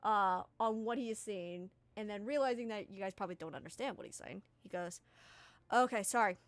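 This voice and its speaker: A woman's voice: mid-range voice, a little fast, dry recording. A young woman running a tabletop game as game master, loose and laughing, swearing casually.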